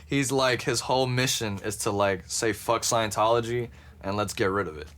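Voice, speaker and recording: Slightly slow and on the low side, with a bit of brightness, this man co-hosts a casual podcast. His delivery is relaxed and amused as he curses liberally and reads quotes out loud.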